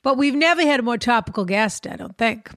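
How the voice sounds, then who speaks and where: A woman's voice: fairly high pitch, animated, fairly quick, fairly bright tone, dry recording, studio quality. A woman co-hosting a podcast in casual chat, playful and theatrical, teasing her co-host.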